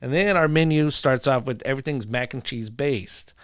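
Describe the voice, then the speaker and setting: A man telling animated stories in a casual podcast chat, laughing often and acting out dialogue. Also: mid-range voice, moderate pace, dry recording, clean studio sound. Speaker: podcast guest, food truck owner.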